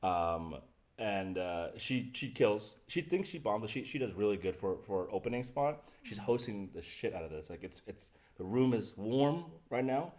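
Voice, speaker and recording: A man's voice: on the low side, animated, moderate pace, darkish tone. A man hosting a podcast, telling a story in casual chat and often laughing as he goes. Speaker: podcast host.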